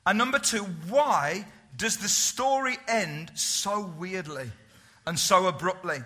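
Casting: man preaching, high and very bright voice, emphatic, keeps firing questions at the room. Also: animated, slow pace. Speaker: pastor. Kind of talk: sermon.

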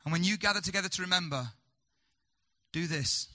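A man preaching a sermon, asking the congregation rhetorical questions and swinging between loud, urgent lines and hushed, slow ones. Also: sits high.

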